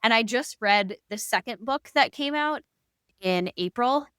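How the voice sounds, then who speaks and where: A woman's voice: fairly high pitch, a little slow, clear, resonant tone, no echo. Play her as a chatty woman podcaster gushing about books, casual and a bit profane, in a dry close recording. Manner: chatty, animated, lots of "like" fillers, swears casually. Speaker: podcast co-host.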